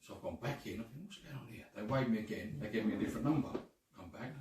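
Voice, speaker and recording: A man's voice: fairly low pitch, lively intonation, fast. A man telling long stories in casual chat, full of swearing and "right?" and "mate". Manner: swearing, chatty, says "right?" and "mate" a lot. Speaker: guest panellist. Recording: echoey room from far off, faint noise.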